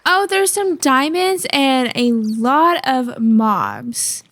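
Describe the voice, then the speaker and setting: A woman's voice: high voice, very slow, dry recording. A woman hosting a gaming video, chatting casually and thinking aloud as she plays. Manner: chatty, thinks aloud, squeals excitedly at cute finds. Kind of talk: casual gameplay commentary.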